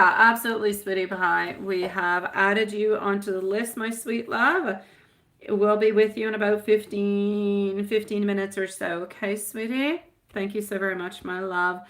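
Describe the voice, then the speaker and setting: This tarot reader talks to her live-stream audience as sweetie and my love while she reads the cards. She has a medium-pitched, fairly bright voice and a chatty, rambling manner full of fillers.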